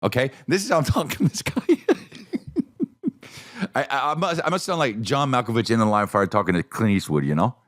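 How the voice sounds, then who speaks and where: A man's voice: mid-range voice, brisk. A middle-aged man hosting a podcast, telling a comedic story with lots of swearing and acted-out voices. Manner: animated, swearing, acts out voices in his story. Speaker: podcast host.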